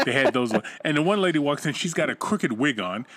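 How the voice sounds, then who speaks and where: A man in casual podcast chat, telling a crude, animated story and laughing mid-sentence. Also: fairly high pitch, fast.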